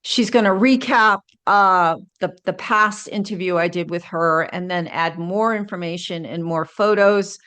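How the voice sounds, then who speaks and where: A woman's voice: lowish voice, a little slow, hardly any pauses, a bit bright, clean tone. Chatty woman hosting an interview. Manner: chatty, friendly, laughs easily. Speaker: host. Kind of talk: interview, casual chat.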